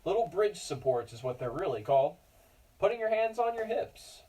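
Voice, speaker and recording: A man's voice: high-pitched, sing-song, moderate pace, warm tone, recorded from a distance, poor audio. A man teaching a yoga class for children, giving cues in an encouraging, playful way and chatting to his dog between poses. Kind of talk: guiding a kids yoga class.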